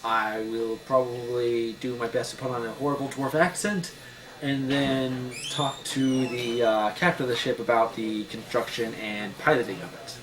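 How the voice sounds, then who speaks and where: A man's voice: mid-range voice, fairly even intonation, moderate pace, noisy background. A man at a tabletop game, talking casually and at length about his character. His speech is loose and easygoing, like chat among friends at a table. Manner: chatty, explains his character choices. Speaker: player.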